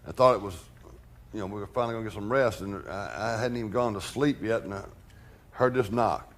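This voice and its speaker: An older man in a documentary interview telling a story in a blunt, animated way, swearing freely. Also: on the low side, fairly quick. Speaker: interviewee recalling past events.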